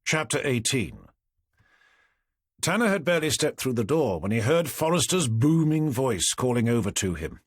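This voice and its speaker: A man narrating a crime audiobook in a measured, dramatic storytelling manner. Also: mid-range voice, sing-song, husky, dry recording, studio quality. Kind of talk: scripted narration.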